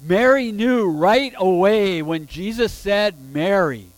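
Male preacher, high animated delivery, slow emphatic sermon, dry sound. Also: no room sound, soft background music, rough recording. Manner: emphatic with rhetorical questions.

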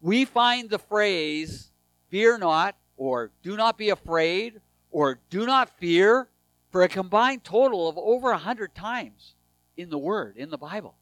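A man preaching a sermon, reading scripture aloud, swinging between raised emphasis and hushed, tender lines. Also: sits high, animated, unhurried, no echo, faint music behind, low-quality recording.

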